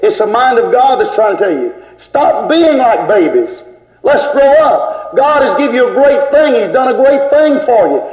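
High-voiced older preacher on old tape. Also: male voice, very animated, moderate pace. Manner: emphatic, repetitive, scolding preaching. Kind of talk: sermon. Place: church. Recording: echoey lo-fi church tape.

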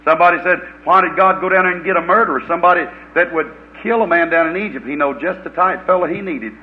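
A man preaching a fiery, folksy revival sermon, swinging from loud preaching to low muttered asides. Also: fast. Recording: dull lo-fi old recording.

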